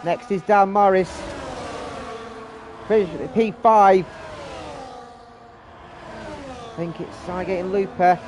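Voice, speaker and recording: A man hosting and commentating a live sim-racing league, with excitable, breathless, rapid calls and repeated exclamations. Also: high-pitched, slight background noise. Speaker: race commentator and league host.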